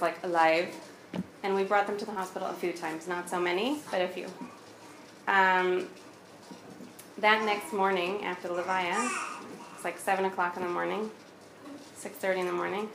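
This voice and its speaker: This woman in her thirties, a guest, shares a personal story candidly and conversationally, performing the dialogue along the way. She has a mid-range, gravelly voice, and the recording carries roomy echo and background noise.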